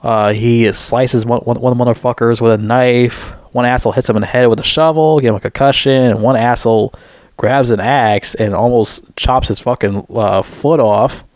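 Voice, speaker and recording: A man giving a heated, profane movie review. He rambles with many restarts, and his voice jumps higher when he gets outraged. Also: fairly even intonation, moderate pace, darkish tone, no room sound, clean studio sound.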